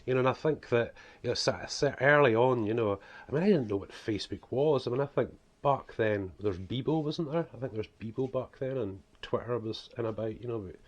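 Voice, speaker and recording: The recording is muffled, and the man's mid-range voice is brisk with few pauses. An author and preacher from northeast Scotland whose accent is softened, he casually presents his book series to camera, rambling and saying "you know" and "guys" a lot.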